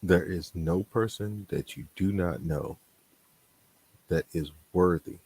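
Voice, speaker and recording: A man on a call-in show speaking slowly and in a measured way. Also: low voice, a little mellow, husky.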